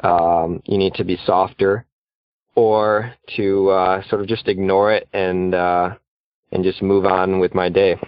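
Guy calling in with a question, lots of ums, deep monotone, dry dull sound. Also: slow pace, clear, resonant tone, no room sound. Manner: hesitant, many fillers. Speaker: caller. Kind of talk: asking a question on a call-in show.

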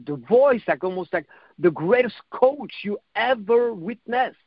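A man's voice: high-pitched, dry recording, muffled recording. A man giving a motivational self-help talk in a reflective coaching manner, repeating phrases and swearing now and then.

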